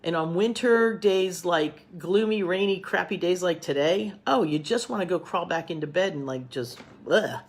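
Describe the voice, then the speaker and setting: A middle-aged woman talks to her camera at home in a loose, chatty way, with a somewhat low voice. She rambles and circles back on herself, upbeat and open. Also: normal speed, few pauses. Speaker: cooking teacher. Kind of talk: casual talk to camera.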